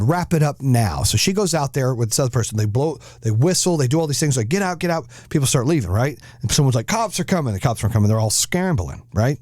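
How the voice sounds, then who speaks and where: A man's voice: a little high, no room sound, clean studio sound. A middle-aged man hosting a podcast, telling a story in casual chat with lots of swearing and acted-out quotes. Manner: animated, profane storyteller acting out quotes. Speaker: podcast host.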